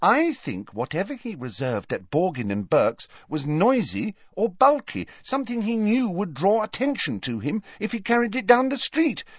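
A man's voice: high-pitched, wildly swooping pitch, husky, no echo, pitched above the performer's own voice, full character voice. Hermione, clever insistent teen girl, read by a man. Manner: insistent, fast, pressing on. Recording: dull lo-fi dry recording.

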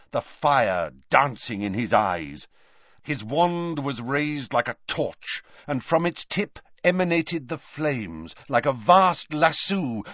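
A man's voice: medium pitch, fairly bright tone, no room sound, highs cut off. A man reading a fantasy novel aloud as an audiobook narrator, with dramatic, swelling delivery. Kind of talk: scripted narration.

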